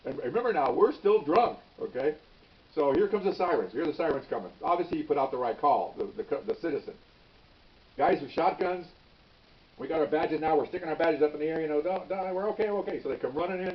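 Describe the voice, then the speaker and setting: A man in his sixties, a retired police officer telling a story in an animated way, with many restarts and "okay?" tags. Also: a little high, quick pace. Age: 60s. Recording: dull, slightly distant recording.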